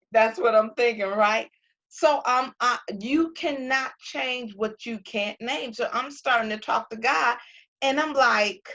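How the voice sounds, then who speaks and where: A woman talking casually to viewers about faith and feelings, acting out her own quotes in an animated way. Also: high-pitched, measured pace, dull audio.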